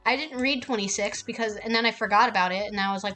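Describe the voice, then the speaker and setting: A woman's voice: medium pitch, fast, pushed and bright, faint music behind. A woman streaming a game, ranting casually with heavy swearing. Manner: profane and heated.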